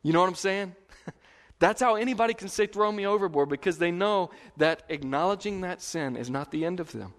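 A man preaching a sermon as pastor, in a conversational, lively way with emphatic repetition. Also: sits high, brisk. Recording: long hall reverb.

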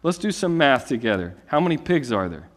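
A man preaching a sermon, reading scripture and then explaining it in a lively, conversational storytelling way. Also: medium pitch, brisk, big-room sound. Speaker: pastor.

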